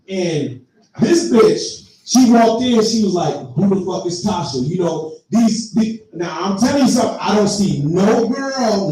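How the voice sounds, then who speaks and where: A man's voice: high voice, warm tone. A man telling a profane story in a stand-up comedy set, talking straight to the crowd. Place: live comedy venue. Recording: echoey room, heard from far off.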